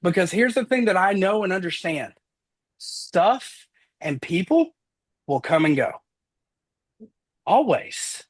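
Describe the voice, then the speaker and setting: Husky guy preaching mindset, fired up, slows way down on the big lines. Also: sits high. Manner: fervent, preacher-like, swings loud and slow for emphasis. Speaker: top-producing insurance agent, guest. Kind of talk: motivational talk.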